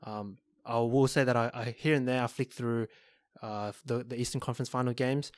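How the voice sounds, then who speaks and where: A man co-hosting a sports podcast, talking in a measured way with frequent pauses and restarts. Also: medium pitch, steady tone, clean tone, dry recording, studio quality. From Australia. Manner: measured, hesitant, lots of ums and restarts. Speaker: podcast co-host. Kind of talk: casual chat.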